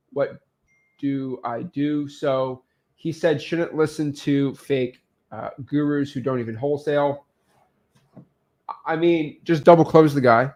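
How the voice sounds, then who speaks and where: A man co-hosting a casual business show, telling lively stories and answering viewer questions. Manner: animated storyteller, quick shifts in pitch.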